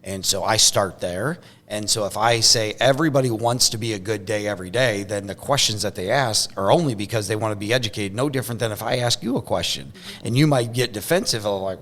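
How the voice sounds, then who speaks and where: A man's voice: on the low side, fast talker, hardly any pauses, a bit bright. A man hosting a podcast, talking casually and rambling, with lots of restarts and fillers. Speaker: podcast host. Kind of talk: casual conversation.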